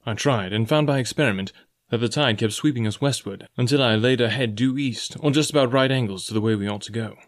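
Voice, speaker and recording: A man's voice: mid-range voice, quick pace. Man narrating a storybook. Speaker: audiobook narrator.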